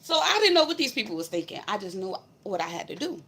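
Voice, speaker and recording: A woman's voice: medium pitch, sing-song, quick pace, a bit bright, a little hiss or hum. Woman telling a blunt, profane story. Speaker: spiritual vlogger. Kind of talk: casual storytelling to camera.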